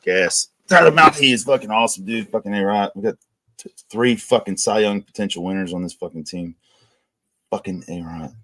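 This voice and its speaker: A man's voice: on the low side, a little fast, fairly bright tone. A man hosting a livestream, ranting crudely and swearing constantly in casual chat. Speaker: livestream host. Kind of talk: casual profane streaming rant.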